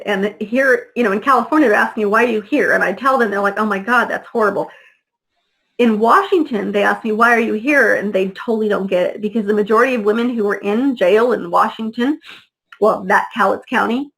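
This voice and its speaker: A middle-aged woman on the high side of pitch, her tone fairly bright, tells her personal story during an interview conversation. Blunt, heated and freely profane, she performs the voices of people she quotes; the recording is low quality.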